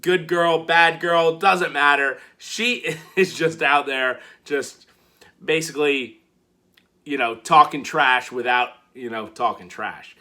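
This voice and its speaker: A man casually recapping a wrestling show, animated and playful, acting out the quotes he retells. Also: fairly high pitch, takes it slowly.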